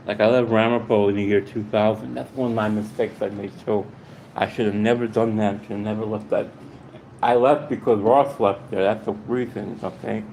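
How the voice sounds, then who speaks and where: A man vlogging to his subscribers in a rambling, halting way, out of breath and repeating himself. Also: fairly low pitch, fairly even intonation, gravelly, a little mellow, slight background noise, poor audio. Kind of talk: casual heartfelt monologue to viewers.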